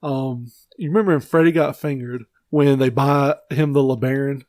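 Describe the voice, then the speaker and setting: A man co-hosting a casual podcast, telling movie stories with lots of swearing and shouted impressions. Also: mid-range voice, normal speed, no echo. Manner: profane, animated storytelling with shouted impressions. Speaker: podcast co-host. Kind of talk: casual chat.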